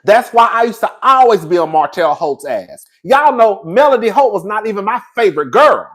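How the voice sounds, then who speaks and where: A man's voice: sits high, big pitch swings, normal speed, a bit bright, slightly rough. A man hosting a livestream of gossip commentary, talking in sassy, profane, hollering rants straight to his viewers. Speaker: YouTube commentator.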